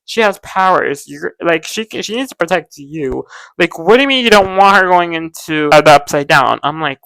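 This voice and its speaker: A woman's voice: fairly low pitch, animated, a little fast, a bit bright, no echo, low-quality recording. Young female vlogger, dramatic and chatty, many fillers, dead-dry home recording. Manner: gushing, dramatic, full of "like" fillers. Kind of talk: casual chatty pop-culture vlog. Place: home room with ring light. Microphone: close camera mic.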